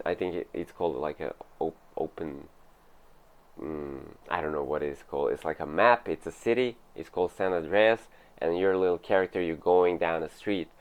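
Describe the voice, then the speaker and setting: A man's voice: deep voice, clean tone. A man giving a casual spiritual talk about meditation, rambling loosely with lots of fillers and asides. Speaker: meditation teacher. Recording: narrow phone-like sound.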